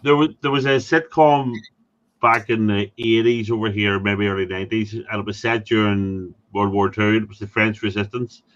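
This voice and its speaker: A man's voice: fairly low pitch, steady tone, normal speed, fairly bright tone, highs cut off. Man rambling in casual chat. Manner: rambling, crude jokes. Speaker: livestream guest.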